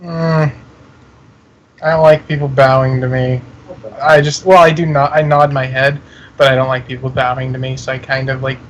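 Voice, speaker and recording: A man playing a tabletop game, casual and joking in his quick reactions. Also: mid-range voice, little pitch movement, poor audio. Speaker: player.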